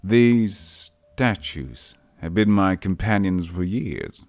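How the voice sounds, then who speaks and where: A man voicing a chuckling, grieving and treacherous male town mayor in a low, hushed, brooding way. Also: animated, slow pace, dry recording, full character voice. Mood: mournful.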